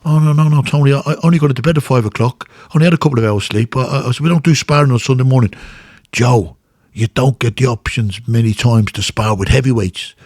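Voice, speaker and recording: A middle-aged Dubliner, a former boxer appearing as a guest, tells stories in casual chat and acts out the voices of the people he quotes. His mid-range voice is fast and animated, recorded with studio quality and no echo.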